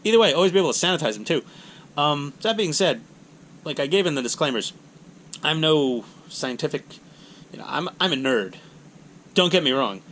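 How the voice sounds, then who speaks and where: A man's voice: a little high, animated, moderate pace, pauses often, a bit bright, a little hiss or hum. A middle-aged man, hosting a hobby channel in casual, rambling, self-mocking talk. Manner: chatty, self-mocking, acts out voices in anecdotes.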